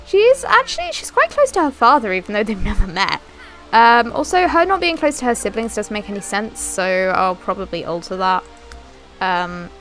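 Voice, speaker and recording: Giggling and chatting with the characters in her game, a young female gaming channel host offers relaxed let's-play commentary. She has a fairly high-pitched, slightly bright voice.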